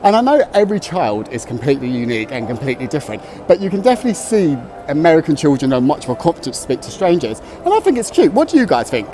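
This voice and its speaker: A man's voice: a little high, fast, hardly any pauses, slight background noise. A British man living abroad, telling stories about kids in a casual vlog to camera. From United Kingdom. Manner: animated storytelling with voiced quotes. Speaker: expat content creator.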